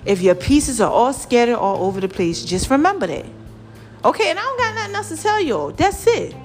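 A woman vlogger giving lively, preachy motivational talk straight to her viewers. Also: high-pitched, fairly quick, faint music behind. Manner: lively and preachy, calls viewers "child" and "y'all".

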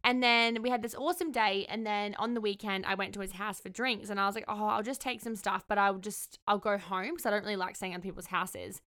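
A young woman telling a dating story in a candid, expressive way, swearing freely. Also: medium pitch, fairly quick, few pauses. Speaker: vlogger. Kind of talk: casual storytelling.

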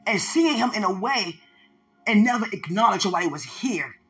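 Preacher for a fervent call-and-response sermon, with a bright, forceful tone that swings from high and loud to low and hushed. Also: expressive, normal speed, soft background music.

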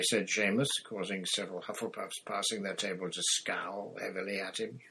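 A man reading a novel aloud in steady, measured scripted narration. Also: on the low side, a little hiss or hum, rough recording. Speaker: audiobook reader.

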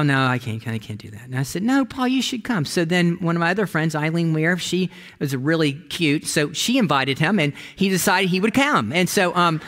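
A middle-aged man preaching a sermon, telling stories with big swings in pitch and loudness and calling on the congregation to answer back. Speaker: pastor.

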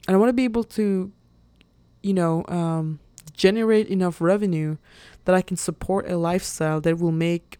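In a dry recording, a woman with a lowish, slightly mellow voice, clear and resonant in tone, hosts her own podcast. She rambles casually and sincerely on her own, using many fillers and small laughs while being openly emotional.

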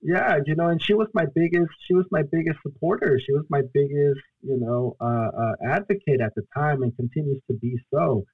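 A young man from Guatemala, a storyteller and solo performer, telling his own story as a podcast guest in an earnest, halting way. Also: a little high, slightly rough, no room sound, narrow, tinny audio. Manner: earnest, halting, acts out his own past pleas and quotes. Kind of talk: emotional personal storytelling in a podcast interview.

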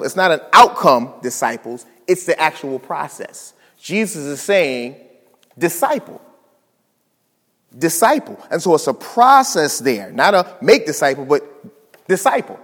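A man's voice: on the high side, in a large hall. A man preaching a teaching sermon, explaining step by step and asking rhetorical questions.

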